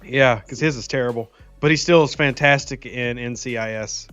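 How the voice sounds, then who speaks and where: A Louisiana man with a light Southern accent hosts a laid-back gaming livestream, chatting, teasing, and reading viewer comments out loud. His voice is medium-pitched, a little bright, and smooth, at a moderate pace. The recording is muffled but has no echo, with soft music playing behind him.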